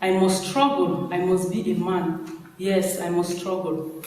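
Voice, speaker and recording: A man's voice: sits high, level tone, unhurried, a little mellow, far from the mic, a little hiss or hum. A man reading aloud as a broke, homesick young male migrant who talks earnestly about his struggle, in an echoey hall. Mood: worried. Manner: earnest, self-urging.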